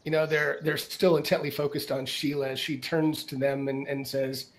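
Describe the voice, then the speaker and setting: A man's voice: a little high, flat delivery, moderate pace, hardly any pauses. Casual game master man. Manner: casual, many fillers and restarts. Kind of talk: narrating a tabletop game.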